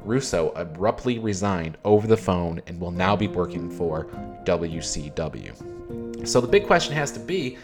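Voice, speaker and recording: A man narrating a history video in a wry, conversational way, adding emphatic asides. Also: fairly low pitch. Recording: voice over loud music bed.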